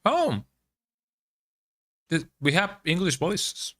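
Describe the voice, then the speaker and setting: A man's voice: high-pitched, very animated, takes it slowly, pushed and bright. A man whose first language is Spanish, commenting casually on his gameplay, chatty and wry, often tagging sentences with a questioning "eh". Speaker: streamer.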